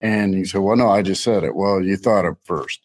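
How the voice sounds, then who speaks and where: A man's voice: deep voice, fairly quick, rough recording. A middle-aged man co-hosting a casual faith podcast, rambling and joking, laughing often. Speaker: co-host.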